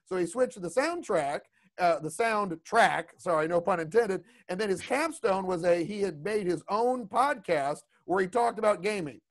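An animated man with a high voice talks at a moderate pace, barely pausing, while running an online creature design class by video. He's chatty and digressive, often tossing in "you know what I mean."

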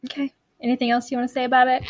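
A woman co-hosting a podcast in casual chat, talking fast and loose with lots of fillers and restarts. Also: sits high, little pitch movement. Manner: chatty, many fillers and restarts. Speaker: podcast co-host.

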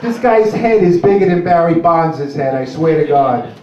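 A man's voice: on the high side, animated, moderate pace, warm tone, a little hiss or hum. A man doing a crude, rambling stand-up routine on a club stage. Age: 60s. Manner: crude, gruff, rambling with many "uh"s. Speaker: stand-up comic. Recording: roomy, distant, dull club recording.

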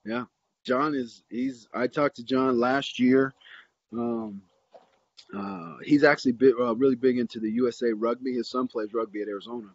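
A man's voice: medium pitch, moderate pace, vocal fry, no room sound. Storytelling man, dry muffled sound. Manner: rambling, animated anecdote with many fillers and restarts. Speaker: interview guest, football coach. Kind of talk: casual storytelling.

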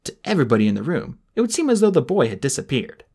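A man reading a novel aloud as an amateur audiobook, with a dramatic, expressive delivery. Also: medium pitch, racing. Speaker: audiobook reader.

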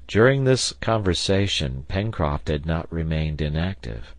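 A man with a very low voice narrates a classic adventure novel. His reading moves expressively, with a lively rise and fall. The recording is dry and close. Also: unhurried, few pauses, no echo. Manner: expressive storytelling. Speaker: audiobook narrator. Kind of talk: scripted narration.

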